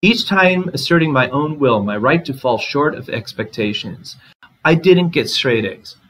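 A man giving a literature lecture in a relaxed, conversational way, reading short passages aloud and commenting on them. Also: medium pitch, a little slow, low-quality recording. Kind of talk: recorded lecture.

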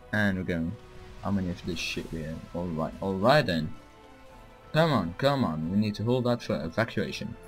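A young man with a low voice gives a rowdy, profane let's-play commentary while playing a strategy game. He gets excitable and yells orders at his units. Faint game music plays behind him. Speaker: gaming channel host.

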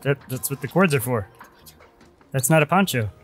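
A man's voice: mid-range voice, expressive, moderate pace, faint music behind. A man chatting and joking while playing a co-op video game, often reading characters' lines aloud in playful voices. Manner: joking, reads robot dialogue aloud in silly voices. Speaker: co-op game player. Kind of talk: casual chat while playing.

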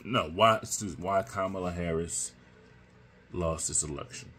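A man hosting his own podcast, giving slow, emphatic political commentary and repeating his points. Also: sits low, sharp tone, faint music behind. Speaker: podcast host.

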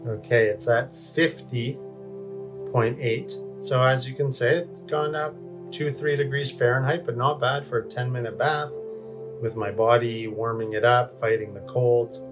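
A man speaks to the camera from a cold bath in his bathroom at home. His tone is candid and self-deprecating, with a coaching lilt. Faint music plays softly behind him. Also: medium pitch, steady tone, a little slow. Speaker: wellness vlogger. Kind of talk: casual talk to camera.

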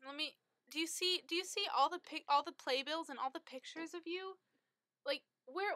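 A woman's voice: high voice, moderate pace, pushed and bright, no room sound. A teenage girl talking casually to her friends in a vlog, gushing and stumbling over her words when she gets emotional. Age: teens. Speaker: vlogger.

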